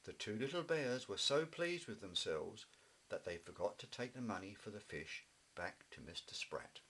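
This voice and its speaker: A man reading a children's story aloud in a gentle, expressive way. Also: fairly low pitch, moderate pace, slightly rough, low-quality recording. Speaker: narrator.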